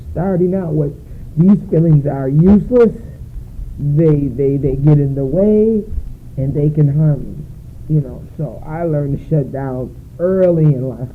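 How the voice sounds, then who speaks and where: A woman sharing her story at a recovery meeting, emotional and searching, often halting. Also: low voice. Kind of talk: personal share at a meeting. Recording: tinny phone-like recording with faint noise.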